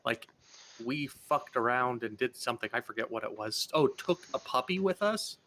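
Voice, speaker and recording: A man's voice: mid-range voice, lively intonation, moderate pace, sharp tone, slight background noise. A man chatting loosely as game master before a tabletop session, swearing freely.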